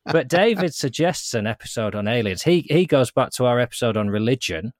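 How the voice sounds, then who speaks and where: A man's voice: medium pitch, animated, brisk, dry recording, studio quality. A man co-hosting a podcast, casually reading out listener messages with playful, self-mocking asides. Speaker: podcast co-host.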